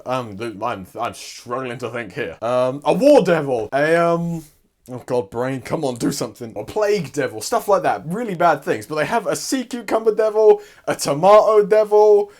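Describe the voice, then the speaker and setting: A young man casually recapping a story in a rambling, sweary, excitable way. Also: on the high side, normal speed. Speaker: YouTuber.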